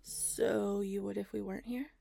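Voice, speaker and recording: A woman's voice: mid-range voice, steady tone, normal speed, creaky, dark tone, no echo, soft background music. A woman playing a teasing seductive clone. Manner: teasing, seductive, often whispered. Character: teasing, uninhibited female clone of the scientist. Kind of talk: erotic audio role-play.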